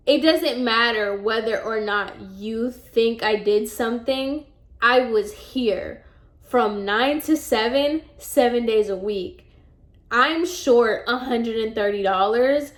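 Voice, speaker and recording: A woman's voice: a little high, takes it slowly. A young woman vlogger telling a storytime in a casual, exasperated way, acting out both sides of the conversations she describes. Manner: animated, exasperated retelling that acts out both sides of the dialogue. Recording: roomy echo.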